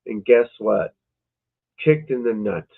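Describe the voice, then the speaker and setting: A man with a gravelly, creaky voice grumbles and swears as he chats casually with his viewers. The audio sounds thin and phone-like, as on a lo-fi livestream. He keeps up a running exasperated mutter. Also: fairly low pitch, lively intonation, takes it slowly. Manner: exasperated muttering and cursing to himself. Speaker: golf instructor and show host. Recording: tinny phone-like lo-fi stream audio.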